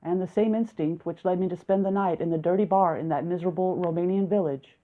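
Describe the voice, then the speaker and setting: Low-voiced woman narrating a story. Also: quick pace. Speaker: audiobook narrator. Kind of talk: audiobook narration of a first-person male narrator. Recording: narrow, phone-like lo-fi sound.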